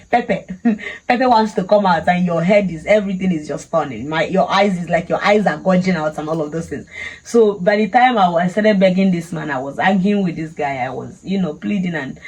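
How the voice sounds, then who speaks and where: A woman's voice: fairly low pitch, darkish tone, breathy edge, low-quality recording. A woman with a Nigerian accent, telling a personal story casually and animatedly, laughing often. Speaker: vlogger.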